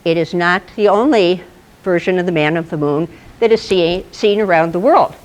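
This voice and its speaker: A woman's voice: fairly low pitch, moderate pace. A woman giving a playful astronomy presentation to a live audience, telling stories and quizzing the room. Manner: playful, animated, asks the audience questions. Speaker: presenter at an astronomy club talk. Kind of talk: lively storytelling lecture.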